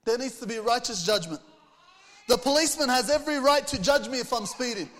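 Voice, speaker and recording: High-voiced man preaching in a reverberant hall. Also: lively intonation, brisk, fairly bright tone, a little hiss or hum. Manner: earnest preaching, reads scripture aloud, rhetorical questions. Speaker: pastor. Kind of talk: sermon.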